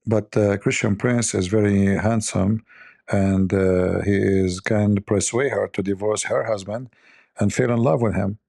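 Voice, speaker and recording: Gravelly, husky man joking around. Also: lowish voice, fairly even intonation, measured pace, darkish tone, no echo, studio quality. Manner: mocking, rambling, thinks aloud. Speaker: host. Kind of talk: joking commentary.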